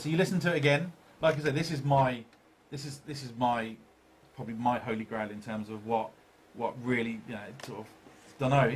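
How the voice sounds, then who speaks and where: An easygoing man hosts a live paranormal talk show, reading viewers' comments aloud in a loose, conversational way. He repeats himself often and laughs readily, with a quiet hum of room sound behind him. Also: mid-range voice. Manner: chatty, repeats phrases, quick to laugh.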